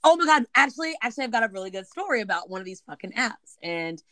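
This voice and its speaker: A woman co-hosting a podcast, telling a story in casual chat, animated and swearing freely as she acts out the other people in it. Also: on the high side, quick pace, no room sound. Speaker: podcast co-host.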